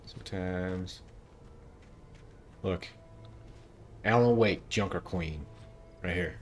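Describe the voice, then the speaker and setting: A man's voice: low-pitched, takes it slowly, faint music behind. A male game streamer giving chatty, playful commentary while he plays. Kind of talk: casual gameplay commentary.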